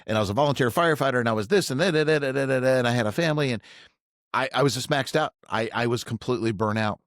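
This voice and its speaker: A middle-aged man telling a story from his own career in a casual chat, animated and vivid, acting out each remark. His pitch sits in the middle and he is recorded close and dry, with no room sound. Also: racing, dry recording. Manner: animated, acts out quoted dialogue. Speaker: financial advisor, podcast guest.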